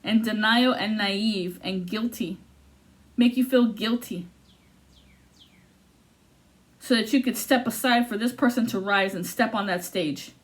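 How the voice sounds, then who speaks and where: A woman's voice: mid-range voice, normal speed. A woman giving an intuitive tarot reading in an intense, blunt and profane way. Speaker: tarot reader.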